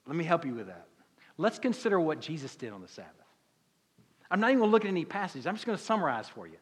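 Folksy Southern preacher in a reverberant hall. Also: male voice, on the high side, very animated, fast, pauses often, husky. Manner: conversational, folksy preaching with rhetorical questions. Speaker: pastor. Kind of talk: sermon. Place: church sanctuary.

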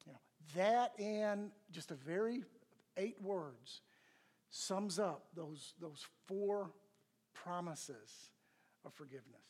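Husky older man teaching a church class. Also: high voice, lively intonation, takes it slowly, darkish tone. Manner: conversational, asks the audience questions. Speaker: pastor.

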